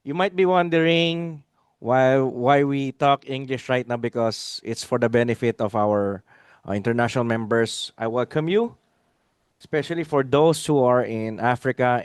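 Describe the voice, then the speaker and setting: A man's voice: medium pitch, a little slow, smooth, dry recording, clean studio sound. A man hosting a live video-call webinar, speaking emphatically, repeating key lines and asking viewers to type their replies. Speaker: webinar host. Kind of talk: live webinar talk to an online audience.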